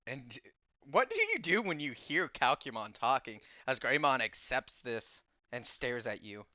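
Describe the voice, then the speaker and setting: A man narrating as game master of a tabletop game, with lively voice. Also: mid-range voice, measured pace, dry recording, muffled recording.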